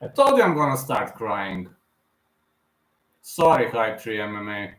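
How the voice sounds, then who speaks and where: A man's voice: on the low side, big pitch swings, unhurried, a bit bright, reverberant, rough recording. A man in his thirties hosting a live fight reaction stream, talking in an emotional, repetitive fan manner. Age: 30s.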